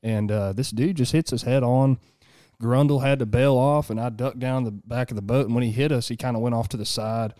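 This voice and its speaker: A laid-back man talks with his buddies. His voice is mellow and warm, with a dry, close sound and no room around it. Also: medium pitch, fairly quick, dry recording. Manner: laid-back, insists he is calm. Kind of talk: casual chat among friends.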